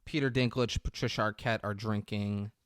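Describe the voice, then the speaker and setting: A man on a podcast recapping a movie in casual chat, crude and animated, often mimicking the characters in quick bursts. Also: lowish voice, smooth, no room sound, clean studio sound. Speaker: podcast co-host.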